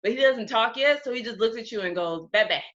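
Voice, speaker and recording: Young woman guest, chatty storyteller who acts out quotes, bright voice, dull video-call sound. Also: fairly high pitch, brisk. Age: 20s. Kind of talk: casual interview chat.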